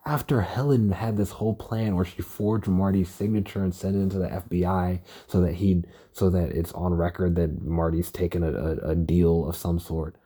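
A man's voice: deep voice, steady tone, moderate pace, hardly any pauses, mellow, slightly rough. A young man talking casually on his own podcast, tired, stuttering and swearing as he rambles. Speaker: podcast host. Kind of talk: casual solo podcast about a TV show.

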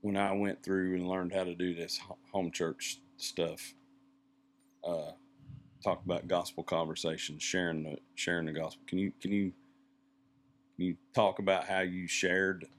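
A man, co-hosting a casual church podcast and talking in a halting, rambling way. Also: deep voice, a bit bright. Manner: halting, rambling, searching for words.

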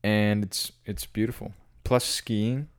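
A young man with a fairly low voice, co-hosting a podcast in relaxed, casual chat. He is laid-back and tends to be the one who brings up the next topic. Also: takes it slowly. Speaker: podcast co-host.

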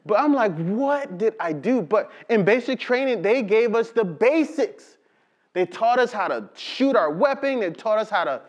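A man preaching a sermon, reading scripture slowly and telling lively stories with call-and-response. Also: very high-pitched, muffled recording. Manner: animated storytelling with call-and-response to the congregation; slow, drawn-out emphasis on scripture. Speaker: pastor.

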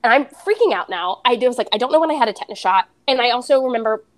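Young woman on a podcast telling her story, kinda high voice, very animated, does all the quotes. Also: racing. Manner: animated retelling, acting out quoted dialogue. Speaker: podcast guest. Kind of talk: candid storytelling chat.

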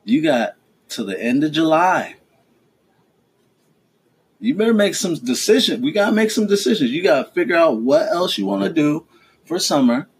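Teasing dad hosting a home podcast. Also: male voice, fairly high pitch, very animated, moderate pace, pauses often, slightly rough. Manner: teasing, fatherly lecturing. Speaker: podcast host and father. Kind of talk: casual family chat.

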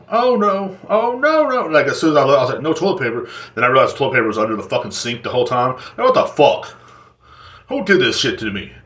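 A man's voice: fairly low pitch, fairly bright tone. Profane rambling male podcaster, roomy echo. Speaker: podcast host. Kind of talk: rambling solo podcast rant. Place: indoors at home.

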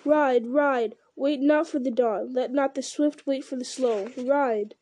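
A woman reading a fantasy novel aloud, voicing an old male wizard who speaks with grave, measured command. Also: a little high, level tone, mellow, close to an everyday voice. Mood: urgent. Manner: grave, measured delivery that rises to urgent cries.

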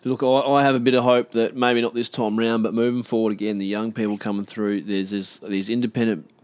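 A man hosting a casual conversation, relaxed and chatty, calling his guest mate. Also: lowish voice, a little fast, clean tone, no echo.

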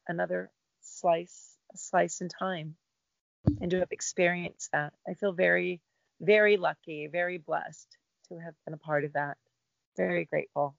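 A middle-aged woman, a guest actor, talking in a relaxed, reflective interview about her career. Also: fairly low pitch, creaky, no room sound, lo-fi sound. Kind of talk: casual interview chat.

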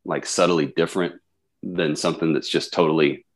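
A man co-hosting a casual movie podcast, talking in a thoughtful, relaxed way with frequent ums. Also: extremely low pitch, normal speed. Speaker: podcast co-host.

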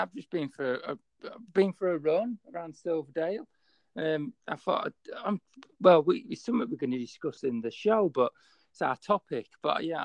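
A man's voice: on the high side, creaky, a little mellow, no echo. A man with a Yorkshire accent co-hosting a casual podcast, rambling and hesitant with many fillers. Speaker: podcast co-host.

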